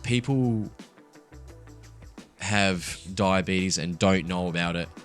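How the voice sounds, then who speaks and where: A young man with a fairly low voice talks candidly in a relaxed podcast chat. He swears freely and laughs as he speaks, with faint music behind him. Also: slow pace. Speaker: podcast co-host. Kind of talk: casual chat.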